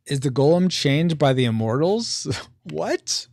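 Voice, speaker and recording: A man hosts a casual board game playtest, talking through the rules and reading viewer comments aloud. His pitch moves a lot and he laughs easily. The sound is dry and close. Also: big pitch swings, a little slow, gravelly, a little mellow, no room sound. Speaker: podcast host and board game designer.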